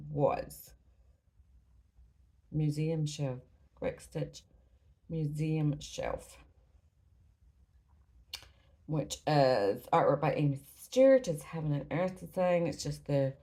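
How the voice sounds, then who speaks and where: A woman's voice: low-pitched, lively intonation, takes it slowly, pauses often, mellow, rough recording. Chatty Scottish woman, slightly breathless. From Scotland. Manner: chatty, rambling, often apologizes and restarts. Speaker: cross-stitch vlogger. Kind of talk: casual chat showing stitching projects. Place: at home indoors.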